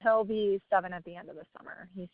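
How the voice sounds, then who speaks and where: A woman's voice: medium pitch, quick pace, no room sound. Mom in her 30s rambling about her kid, laughs a lot, kinda dull dry sound. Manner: rambling, laughing, searching for words. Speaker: parent asking for advice. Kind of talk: casual chat.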